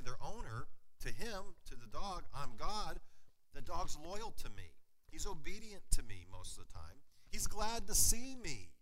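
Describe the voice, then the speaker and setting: A man's voice: a little high, a little hiss or hum, poor audio. A man preaching a sermon to his congregation, asking them questions and joking with them. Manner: lively, engages congregation with questions and humor. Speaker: pastor. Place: church sanctuary.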